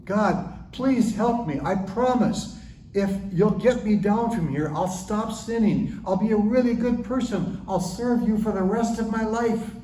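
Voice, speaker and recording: A man voicing a desperate man clinging to a cliff branch, yelling and pleading. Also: high voice, a little slow, roomy sound, far from the mic, voice pushed up, low-quality recording.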